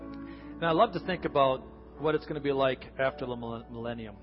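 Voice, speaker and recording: A man preaching a conversational sermon as pastor, his voice swinging from loud emphasis down to hushed lines. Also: mid-range voice, brisk. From United States. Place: church sanctuary. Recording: lo-fi church recording with long reverb and faint music.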